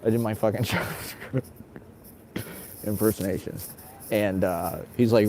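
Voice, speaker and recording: A man's voice: lowish voice, normal speed, long pauses, darkish tone, a little hiss or hum. A man, a stand-up comedian, ranting in a casual monologue, agitated and profane, laughing between his complaints.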